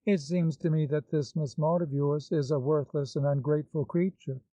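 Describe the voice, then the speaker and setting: Give me a bold, mischievous young woman with glib assurance, as a man reads her, slightly high, mellow voice. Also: steady tone, moderate pace, dry recording, close to an everyday voice. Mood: playful mocking. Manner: glib, mocking. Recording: slightly dull, dry recording.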